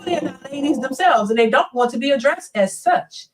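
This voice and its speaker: A fairly high-voiced woman hosting a live stream, chatting bluntly and with plenty of animation. She sits a little back from the microphone, so her voice comes through somewhat distant. She reads viewer comments aloud and drops into quick imitations of other people. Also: animated, crowd noise. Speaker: live-stream host reading viewer chat.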